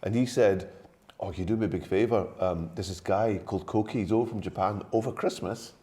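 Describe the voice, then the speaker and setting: A man's voice: on the low side, a little fast, warm tone. A man in his fifties with an anglified Glaswegian accent, a guest telling stories and laughing often. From Scotland. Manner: chatty storyteller, laughs often. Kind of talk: casual chat.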